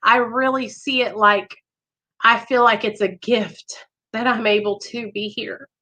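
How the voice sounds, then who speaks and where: High bright emotional woman host. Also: fairly even intonation, measured pace. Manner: earnest, emotional, talks straight to viewers. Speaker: live show host in recovery. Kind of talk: emotional live-stream chat.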